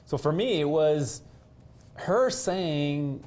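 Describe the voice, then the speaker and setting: A man with a gravelly, mid-pitched voice talks through a personal memory. His first language is French, and he often stops and restarts, repeating words as he searches for them. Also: unhurried, darkish tone. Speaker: co-host. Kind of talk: reflective conversation.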